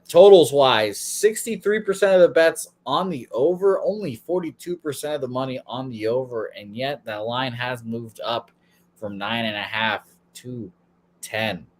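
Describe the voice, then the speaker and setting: A man's voice: mid-range voice, a little hiss or hum. A man hosting a sports betting show in casual chat, rambling and swearing freely.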